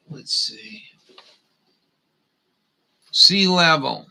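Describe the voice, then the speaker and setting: Gravelly slow-talking grumbling man. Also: fairly high pitch, pushed and bright. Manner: profane, grumbling, mutters to himself. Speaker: live streamer. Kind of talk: rambling live commentary.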